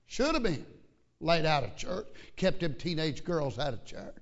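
A man's voice: on the high side, big pitch swings, a little slow, dull audio. A man pastor telling a story in a sermon, folksy and repetitive with stammering restarts. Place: church.

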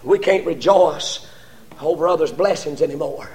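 High-voiced older man preaching with fervor. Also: moderate pace. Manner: impassioned, rising to shouts, stammering repetitions. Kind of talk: sermon.

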